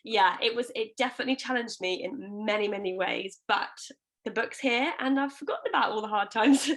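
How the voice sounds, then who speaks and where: A young woman chats as a podcast guest, her voice sitting a little high. She tells stories in a lively, animated way, in a relaxed, casual conversation. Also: brisk. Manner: chatty, animated storytelling. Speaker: guest, author and business founder.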